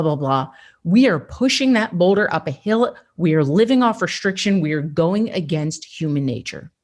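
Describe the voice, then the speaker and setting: A woman's voice: medium pitch, a little mellow. A woman hosting a motivational podcast, talking straight to the listener in an emphatic, upbeat coaching way. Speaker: podcast host.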